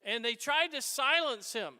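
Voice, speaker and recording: Male priest, high bright voice, animated and chatty homily, echoey church. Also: a little slow, clear, resonant tone. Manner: animated, conversational preaching with asides. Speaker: Catholic priest.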